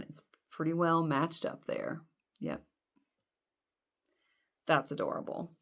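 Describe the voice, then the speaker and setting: A low-pitched woman in her forties talks through a doll-clothes unboxing. She rambles into chatty, self-deprecating asides as she holds up each piece. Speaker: doll collector vlogger. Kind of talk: casual unboxing chat.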